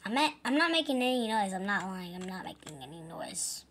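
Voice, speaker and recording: A woman's voice: mid-range voice, very animated, a little fast, a bit bright, a little hiss or hum. A woman muttering to herself while sneaking around in a game role-play. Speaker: gamer.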